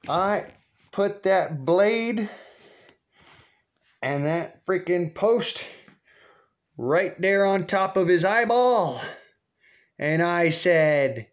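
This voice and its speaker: Man, casual storytelling, rambling, profane, slow pace, muffled lo-fi sound. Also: a little high, animated.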